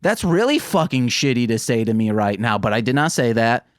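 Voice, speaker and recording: A man talking casually on a podcast, candid and darkly sardonic, laughing off heavy subjects. His voice sits at an ordinary pitch and comes across close and dry, with no room sound. It is plain, unpolished conversation. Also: big pitch swings, fairly quick, no echo. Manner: candid, sardonic, jokes about dark topics. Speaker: podcast co-host.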